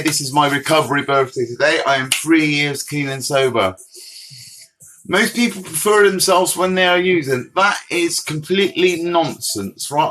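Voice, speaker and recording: A man's voice: mid-range voice, fairly bright tone, rough recording. A man in his forties from Bristol with a West Country accent, hosting a recovery livestream and answering viewers' comments by name in a direct, chatty way while walking around outdoors. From Bristol, England. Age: 40s. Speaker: recovery mentor livestream host. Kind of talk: casual livestream chat, reading comments. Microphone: phone livestream.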